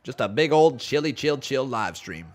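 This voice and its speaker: A man's voice: medium pitch, animated, normal speed. A man hosting a casual live stream, calling old wrestling matches and reading chat aloud, his voice a little sore and tired. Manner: laid-back play-by-play, reads chat aloud, jumps to hyped shouting. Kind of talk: casual wrestling watch-along commentary.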